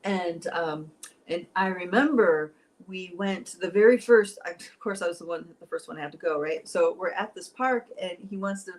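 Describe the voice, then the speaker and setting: A woman's voice: on the low side, moderate pace, rough recording. A middle-aged woman, a spiritual teacher, telling a personal story in an emotional, rambling way that turns teary at moments.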